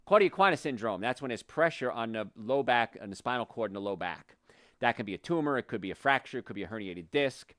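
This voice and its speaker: A male chiropractor hosts a health talk show, speaking fast at a medium pitch with no echo. He's passionate, blunt and opinionated, working himself up before reining it back in.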